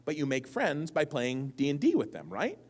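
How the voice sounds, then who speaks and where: A man's voice: fairly high pitch, sing-song, normal speed, darkish tone. Rambling man telling stories to a crowd. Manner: rambling, digressive, self-mocking. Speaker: guest author answering audience questions. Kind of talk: live convention Q&A storytelling. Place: convention stage before a live audience.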